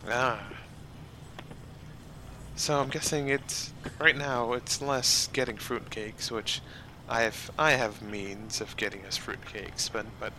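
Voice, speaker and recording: Bright-voiced casual man, game player. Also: mid-range voice, fairly even intonation, slow, a little hiss or hum, rough recording. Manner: casual, says you know a lot. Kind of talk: tabletop role-play.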